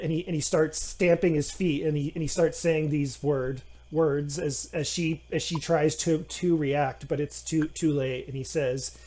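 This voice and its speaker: Male game master, halting delivery, slightly high pitch. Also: fairly even intonation, warm tone. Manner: halting, with many fillers and restarts. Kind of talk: narrating a tabletop game.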